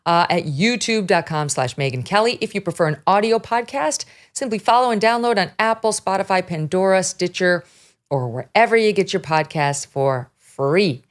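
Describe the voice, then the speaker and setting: A woman in her fifties hosting a talk show, blunt and animated, laughing often as she chats. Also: fairly low pitch, moderate pace. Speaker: podcast host. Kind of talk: opinionated talk show chat.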